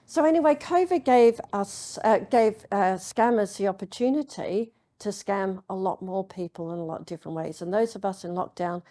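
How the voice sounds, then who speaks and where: A woman giving a public lecture, telling anecdotes in a chatty way with many pauses and ums. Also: mid-range voice, warm tone. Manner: chatty storytelling with frequent ums. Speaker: university lecturer. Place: lecture hall.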